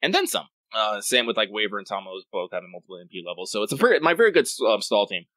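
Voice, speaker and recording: A man's voice: lowish voice, big pitch swings, rapid-fire, pushed and bright, dry recording, poor audio. A man co-hosting a podcast in casual, rambling chat, swearing freely and often cutting himself off mid-sentence. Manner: rambling, profane, self-interrupting. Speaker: podcast co-host.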